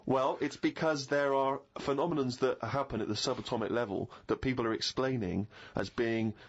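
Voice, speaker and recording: A man's voice: mid-range voice, fairly even intonation, normal speed, slight background noise. A middle-aged man co-hosting a casual podcast, explaining ideas at length and telling self-mocking stories. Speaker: podcast co-host. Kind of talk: casual chat. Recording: slightly dull podcast audio.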